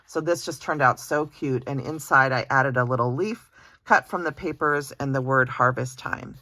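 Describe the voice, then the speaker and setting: A woman walks through her handmade cards in a relaxed show-and-tell, gushing over each one with plenty of ums and uhs. Her voice is bright and crisp. The sound is dry and close, with no room around it. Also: a bass voice, moderate pace, no room sound. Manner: gushing, soft-spoken, frequent ums and uhs. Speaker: card-making channel host.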